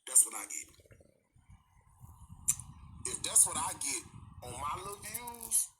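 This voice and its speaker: A man's voice: fairly high pitch, slow pace, background noise. A man who streams his cooking, talking casually to his viewers and often checking in with "okay?". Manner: lively, repeats "okay?" to check in. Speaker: cooking livestreamer.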